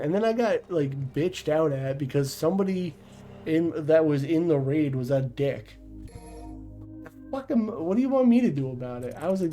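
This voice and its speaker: A man's voice: a little high, moderate pace, dark tone, faint music behind, rough recording. A man chatting casually on a livestream, blunt and profane, rambling with restarts. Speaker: streamer.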